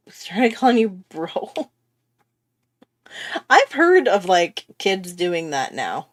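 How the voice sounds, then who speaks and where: A woman's voice: mid-range voice, very animated, extremely slow, dry recording, studio quality. A woman chatting casually while she draws on a livestream, self-mocking and laughing often. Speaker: artist hosting a drawing livestream. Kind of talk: casual chat while drawing.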